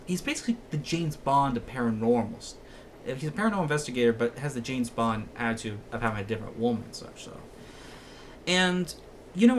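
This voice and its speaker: A man's voice: medium pitch, a little hiss or hum. Rambling young male movie reviewer. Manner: rambling, heavy on fillers like "and such". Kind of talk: casual spoken review.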